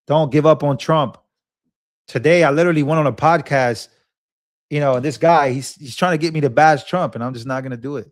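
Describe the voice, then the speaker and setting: A man's voice: mid-range voice, no echo, clean studio sound. A young man hosting a political live stream, talking earnestly and repeating himself as he rambles. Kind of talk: emotional live-stream talk.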